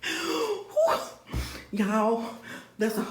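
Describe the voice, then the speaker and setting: A woman's voice: medium pitch, animated, measured pace, long pauses, a bit bright, reverberant, a little hiss or hum. A woman vlogger chatting and laughing with her viewers between a cappella songs. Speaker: vlogger singing covers. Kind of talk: casual chat between a cappella singing.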